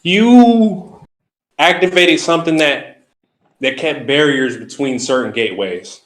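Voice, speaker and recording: A man hosting and interpreting a dream in a measured, halting, explanatory way. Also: a little high, fairly bright tone, roomy sound. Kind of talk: spiritual interpretation chat.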